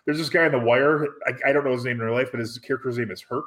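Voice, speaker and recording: A man's voice: mid-range voice, very fast. Laid-back young man, casual podcast chat. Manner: relaxed, filler-heavy, wry. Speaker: podcast co-host.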